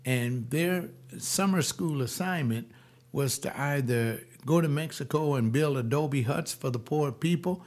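A man's voice: on the high side, a little slow, a little mellow. An older man, a pastor, telling personal stories in a rambling, digressive monologue with frequent restarts.

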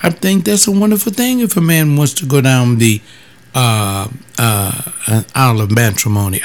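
A man who is a former pastor, telling stories in a blunt, emphatic casual monologue and jumping up in pitch when he quotes other people. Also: normal speed.

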